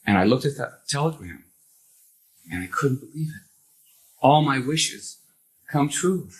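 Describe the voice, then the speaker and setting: An older man telling a personal anecdote to a live audience, animated, acting out the others' lines in the story. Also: medium pitch, a little slow, long pauses, poor audio.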